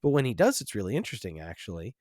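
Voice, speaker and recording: A man's voice: lowish voice, sing-song, racing, darkish tone, no echo, clean studio sound. A man hosting a film podcast, talking casually and reflectively with lots of restarts and "like"s. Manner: rambling, many restarts and fillers, reflective. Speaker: podcast host.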